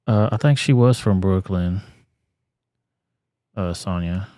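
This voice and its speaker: A man's voice: low voice, slow pace, mellow, no room sound, studio quality. A man hosting a live stream and commenting on clips in a blunt, profane, laid-back way.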